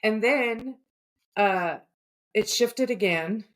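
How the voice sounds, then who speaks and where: A woman telling her dream to her podcast co-host in a loose, chatty way. She swears freely and livens the story up with quoted asides, keeping a middle pitch. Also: very slow. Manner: profane, animated storytelling. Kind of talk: casual chat, recounting a dream.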